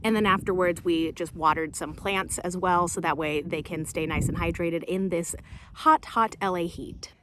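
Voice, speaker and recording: A woman's voice: on the low side, normal speed, background noise. A young adult woman vlogging in a casual, chatty way, often laughing, recorded on a handheld camera outdoors and in her car. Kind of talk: casual vlog chat.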